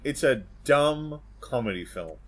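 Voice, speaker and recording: A man's voice: medium pitch, lively intonation, a little slow, a little hiss or hum. A man co-hosting a casual podcast, talking bluntly and swearing freely. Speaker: podcast co-host.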